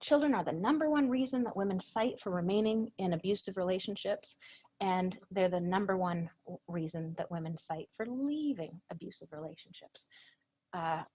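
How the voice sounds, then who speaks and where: A woman presenter giving an earnest lecture to a professional training audience, animated when she quotes others. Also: lowish voice, normal speed, husky, rough recording.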